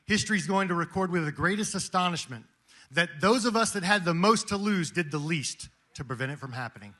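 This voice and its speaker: Male speaker, high and very forceful, preaching with rousing fervor to a men's gathering. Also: animated, fairly quick. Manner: rousing, quotes famous speeches. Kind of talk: impassioned Christian motivational speech. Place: meeting room with an audience.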